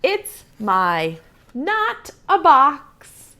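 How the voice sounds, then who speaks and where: A woman doing a stubborn little bunny, slow and insistent. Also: sits high, wildly swooping pitch, bright, forceful tone, a little hiss or hum, pitched above the performer's own voice, full character voice. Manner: slow, emphatic, drawn out.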